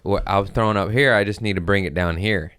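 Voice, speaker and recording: A man's voice: fairly low pitch, fast talker, a bit bright, smooth, dry recording, clean studio sound. A man in his thirties hosting a podcast, telling stories in a profane, rambling casual chat. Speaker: podcast host, comedian.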